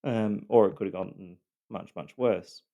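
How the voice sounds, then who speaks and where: Halting man telling a hard personal story. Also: deep voice, vocal fry, dark tone. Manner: halting, heavy with fillers, blunt and swearing. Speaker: abuse survivor telling his story.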